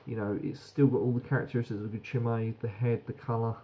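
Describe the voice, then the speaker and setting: A man's voice: mid-range voice, little pitch movement, fast talker, highs cut off, slight background noise. A British man giving a frank, rambling beer review that swears casually.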